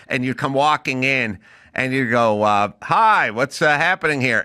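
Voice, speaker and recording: A middle-aged man hosting a casual talk show, telling stories in a lively way and acting out the voices of people in them. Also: medium pitch, moderate pace, clear, resonant tone, no room sound, studio quality. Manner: animated storyteller, acts out loud impressions of a yelling teacher. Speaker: podcast host. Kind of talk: casual chat.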